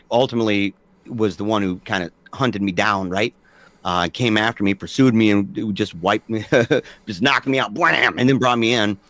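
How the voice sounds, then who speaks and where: Animated storyteller man in his forties. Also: medium pitch, no echo. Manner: animated, acts out quoted dialogue. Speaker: podcast guest. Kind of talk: casual storytelling conversation.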